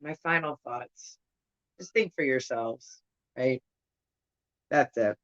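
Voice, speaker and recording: A woman co-hosting a podcast, relaxed and chatty with short quips. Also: very deep voice, slow, no room sound, muffled recording. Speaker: podcast co-host. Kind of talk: casual chat.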